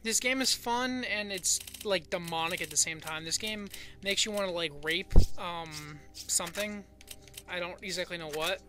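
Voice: medium pitch, normal speed, background noise. Exasperated, swearing gameplay commentator. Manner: exasperated, swearing, loud outbursts at the game. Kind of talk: let's play commentary. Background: game music.

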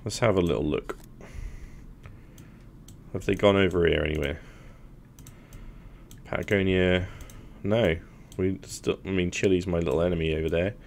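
Deep-voiced man musing over game moves. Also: fairly even intonation, moderate pace, gravelly, pauses often, slight background noise. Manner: thinking aloud while planning moves. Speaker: gaming channel host. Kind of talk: casual gameplay commentary.

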